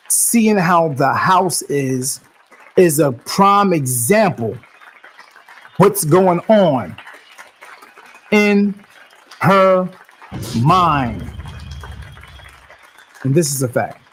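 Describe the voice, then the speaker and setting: Male podcast host with a slow, preachy, repetitive delivery. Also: fairly high pitch, a bit bright, a little hiss or hum. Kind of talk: commentary on a video clip.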